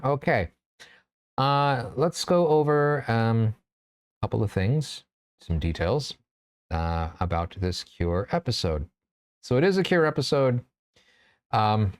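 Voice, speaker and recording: A man who reads a story aloud expressively, then hosts a relaxed, chatty writing class. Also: on the low side. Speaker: writer and class host.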